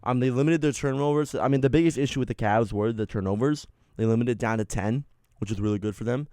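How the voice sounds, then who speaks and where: A man's voice: medium pitch, fast, dark tone, dry recording, clean studio sound. A young man co-hosting a college radio sports show, chatting casually, joking and laughing often. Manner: joking, laughs often, plays with silly accents.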